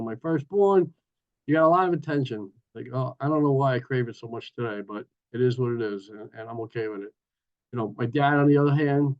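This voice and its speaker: A man in his sixties from New York, sharing his recovery story at a meeting in a lively, joking way over a video call. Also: on the high side, dull audio. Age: 60s. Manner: lively storytelling with playful asides. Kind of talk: personal recovery share.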